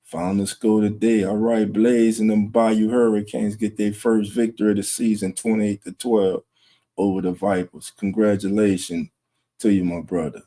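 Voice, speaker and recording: Low-voiced New sports host. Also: male voice, level tone, normal speed, mellow. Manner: talking low and keeping it down; greets chat viewers by name. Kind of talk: casual late-night livestream chat. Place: home room at night with wife resting nearby.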